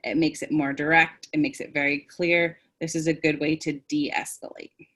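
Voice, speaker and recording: Brief: low-pitched woman webinar presenter, from the US, demonstrative teaching talk. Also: flat delivery, normal speed, fairly bright tone. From United States. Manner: demonstrative, acts out tones and phrases.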